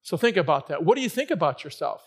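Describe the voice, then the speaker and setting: High-voiced man preaching with shouted emphasis. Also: fast, breathy edge. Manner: energetic preaching, often rising to shouted emphasis. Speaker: pastor. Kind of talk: sermon. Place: church sanctuary.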